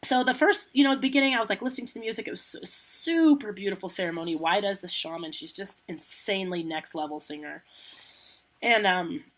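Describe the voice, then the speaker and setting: A woman co-hosting a podcast, telling a personal story in a chatty, animated way, laughing often and saying "like" a lot. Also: mid-range voice, a little fast. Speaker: podcast co-host. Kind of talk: casual storytelling chat.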